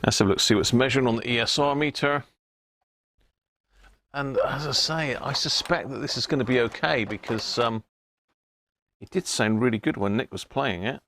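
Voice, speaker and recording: A man's voice: medium pitch, normal speed, long pauses, a bit bright, slight background noise. A man hosting a casual live repair stream, chatting and muttering to himself while he works at his bench. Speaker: electronics repair hobbyist host.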